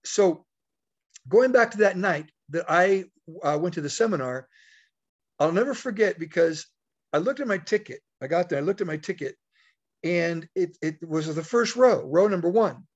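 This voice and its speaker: A man with a slightly high voice leads a motivational talk, telling a personal story in a folksy way. He acts out the lines of the people in it. The audio is dull and lo-fi. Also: expressive, normal speed. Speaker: network marketing leader.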